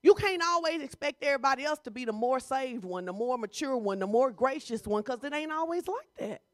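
A woman pastor preaches in a loose, conversational style, teasing her congregation. Her voice sits fairly high. The sound is close and dry. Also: lively intonation, brisk, dry recording. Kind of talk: sermon.

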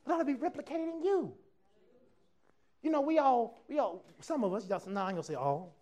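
High-voiced man preaching an animated sermon. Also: fairly quick. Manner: animated preaching, acts out quoted voices, casual dialect. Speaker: pastor. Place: church service with congregation.

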